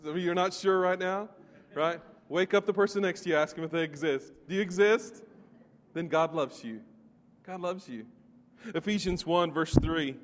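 A man's voice: on the high side, moderate pace, big-room sound. A man preaching a sermon, emphatic and putting questions straight to the congregation. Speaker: pastor.

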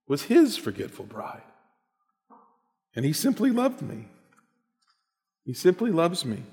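A man's voice: medium pitch, big-room sound. A man reading a written personal story aloud in an earnest, reflective way, then reflecting on it as host.

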